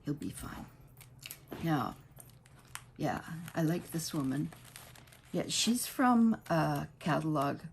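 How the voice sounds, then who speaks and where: A woman's voice: low-pitched, expressive, slow pace, vocal fry, long pauses, a little hiss or hum. A woman hosting a casual crafting tutorial at home, chatty and rambling, often restarting mid-sentence.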